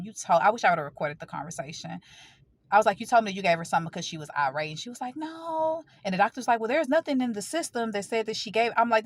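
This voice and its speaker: Woman, lowish voice, casual storytelling vlog, emotional, holding back tears. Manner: emotional, fighting back tears, informal and direct. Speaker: vlogger. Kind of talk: personal storytelling to camera.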